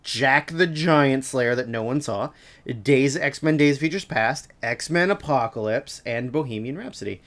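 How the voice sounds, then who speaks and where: A man co-hosts a casual podcast. He speaks in a dry, offhand manner, at an ordinary middle pitch. He sometimes reads out lists of credits. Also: unhurried, fairly bright tone. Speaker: podcast co-host. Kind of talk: casual chat.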